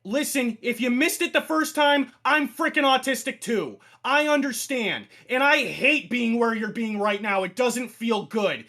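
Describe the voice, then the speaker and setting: A young male host with a high, bright voice tries to reason with an angry colleague. He insists firmly and keeps appealing to calm. He sounds earnest and persistent. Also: a little slow, hardly any pauses. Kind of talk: heated on-air confrontation.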